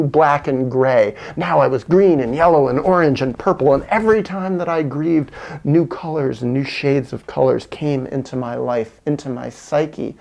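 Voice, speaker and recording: Gravelly-voiced male vlogger, earnest reflective storyteller. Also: on the high side, darkish tone. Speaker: video essayist. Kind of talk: reflective personal monologue.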